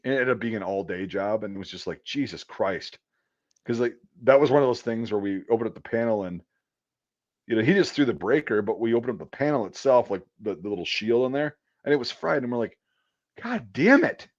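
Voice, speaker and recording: A man's voice: lowish voice, fast talker, muffled recording. A man who works as an electrician, telling a rambling work story in casual chat, swearing often and stumbling over fillers. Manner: profane, rambling, full of fillers.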